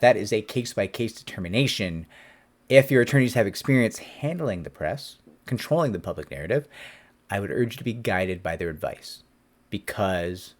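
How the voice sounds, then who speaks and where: A man in his forties, an employment attorney, answering a viewer's question in a casual, animated talk to camera. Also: fairly low pitch. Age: 40s. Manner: animated, conversational, acts out quotes.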